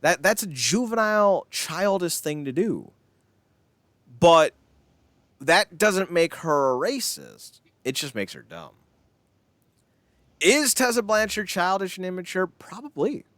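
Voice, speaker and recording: Animated ranting man, lively pitch. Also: measured pace, long pauses, no room sound. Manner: animated, sarcastic, profane ranting. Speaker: podcast co-host. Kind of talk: casual wrestling podcast rant.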